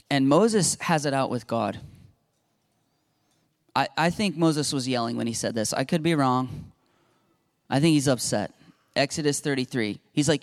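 A man's voice: medium pitch, a little slow, pauses often. A middle-aged man preaching a sermon as pastor, acting out Bible dialogue with rising intensity.

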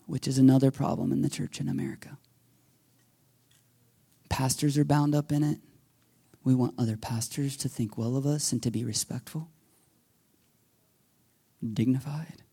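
A man preaching a sermon as pastor, telling a story with lively quoted voices and sometimes dropping to a whisper. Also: medium pitch, normal speed, vocal fry, long pauses, slightly rough. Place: church sanctuary.

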